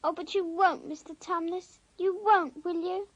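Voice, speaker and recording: A woman's voice: extremely high pitch, steady tone, unhurried, dry recording, lo-fi sound. A woman voicing a kind, well-mannered young girl in an amateur radio play. She speaks earnestly and pleads. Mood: earnest, pleading.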